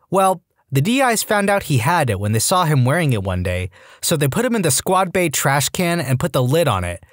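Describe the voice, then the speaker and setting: A man narrating online stories for a podcast in a lively, expressive storytelling delivery, close on a studio mic. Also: medium pitch, no room sound.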